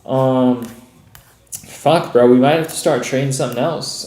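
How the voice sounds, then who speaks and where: Man, frustrated live-stream rant, heavy swearing, mid-pitched voice, roomy echo. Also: fairly even intonation, measured pace, darkish tone. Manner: frustrated, heavy swearing, says bro and dude a lot. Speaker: trading stream host.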